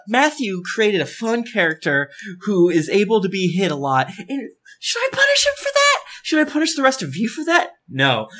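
A man's voice: high-pitched, bright, forceful tone. A man running a tabletop game as game master, chatty and laughing, with many ums.

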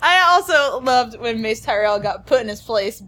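High, lively woman laughing through casual chat. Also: moderate pace. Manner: giggly, playful, laughs often. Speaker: podcast co-host.

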